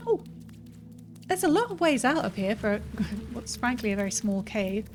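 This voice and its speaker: A woman's voice: fairly high pitch, big pitch swings, moderate pace. A woman casually commenting while she plays a fantasy game and reads dialogue options aloud. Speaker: streamer playing a game. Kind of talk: casual let's-play commentary. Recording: faint background noise.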